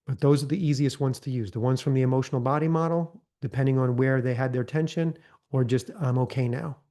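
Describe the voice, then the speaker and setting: A man leading a live training session, talking casually and often checking in with "right?", acting out gentle counselor prompts in a softer voice. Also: medium pitch. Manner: conversational, often tags lines with "right?". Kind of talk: live online training talk.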